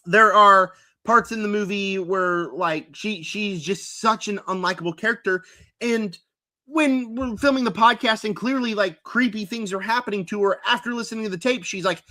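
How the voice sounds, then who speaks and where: A man's voice: sits high, brisk, bright, forceful tone. A young man reviewing movies on a live stream, rambling casually with lots of fillers and mocking impressions of characters. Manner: rambling, filler-heavy, mocks characters with put-on quotes. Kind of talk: casual live-stream tier list chat.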